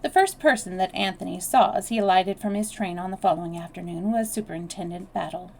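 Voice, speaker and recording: A woman storyteller reading a novel aloud on a live stream, steady with small restarts. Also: fairly low pitch, quick pace, vocal fry, a little hiss or hum.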